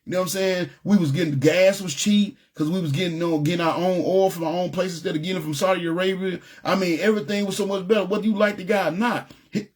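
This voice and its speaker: A man's voice: sits high, steady tone, fast, hardly any pauses. A man teaching a casual Bible lesson to a ministry group, talking conversationally and often checking in with his listeners. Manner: conversational, often asks "you know what I'm saying".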